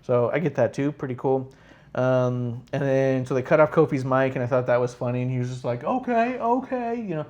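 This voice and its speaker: A man chatting on a casual wrestling podcast, talking with a lot of animation. He breaks into exaggerated high-pitched impressions when recapping moments. His voice sits in an ordinary mid range. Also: flat delivery, brisk, a little mellow, highs cut off. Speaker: podcast co-host. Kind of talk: casual chat.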